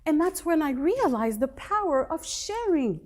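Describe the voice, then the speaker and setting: A woman's voice: high-pitched, big pitch swings, a little slow. A middle-aged woman motivational speaker telling her personal story to a live audience, emphatic and dramatic.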